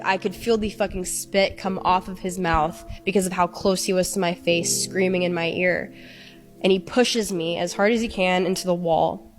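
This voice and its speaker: A woman giving an emotional personal account as a podcast guest, halting and repeating herself. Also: mid-range voice.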